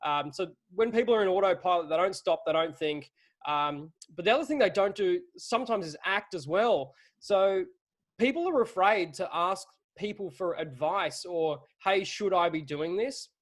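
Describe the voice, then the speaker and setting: Blunt, animated man hosting. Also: a little high. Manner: blunt, animated, swears casually. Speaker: webinar host. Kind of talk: casual webinar chat.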